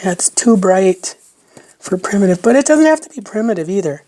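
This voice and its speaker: A woman's voice: mid-range voice, lively intonation, normal speed, dark tone. A woman vlogging as she makes fabric tags, chatting casually and half-whispering to herself while chewing. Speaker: crafting vlogger. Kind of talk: casual crafting chat.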